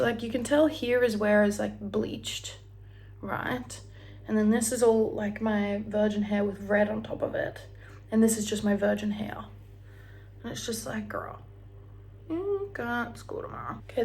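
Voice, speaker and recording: A woman's voice: a little high, a little mellow, a little hiss or hum. A young woman in her twenties with an Australian accent, chatting casually while straightening her hair at home, often dropping to a near whisper. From Australia (Brisbane). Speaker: vlogger. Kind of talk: casual get-ready-with-me chat.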